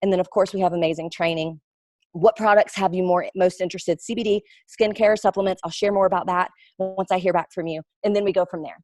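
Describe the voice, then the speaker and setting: A woman's voice: lowish voice, brisk, no echo, clean studio sound. A woman, a network marketing recruiter talking casually and animatedly to her team. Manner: chatty, animated storyteller with playful quoted voices. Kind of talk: casual webinar talk.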